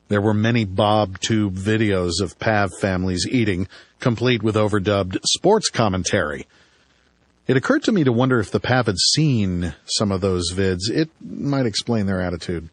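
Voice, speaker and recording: Low-voiced man narrating an audiobook, wry. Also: no room sound. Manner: dry, wry storytelling. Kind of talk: first-person audiobook narration.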